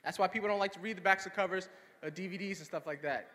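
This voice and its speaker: High-voiced young man doing stand-up. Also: quick pace. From Swannanoa, North Carolina. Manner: animated storytelling, acting out friends in higher voices. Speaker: stand-up comedian. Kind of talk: stand-up comedy set. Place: campus performance hall. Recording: long hall reverb.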